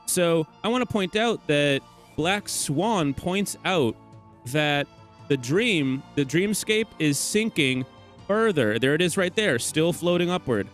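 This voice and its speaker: A man's voice: fairly high pitch, lively intonation, slow, a bit bright, faint music behind. A young man who hosts a gaming theory channel, talking casually over game footage in a teasing, rambling way and correcting himself as he goes. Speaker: gaming theory video host.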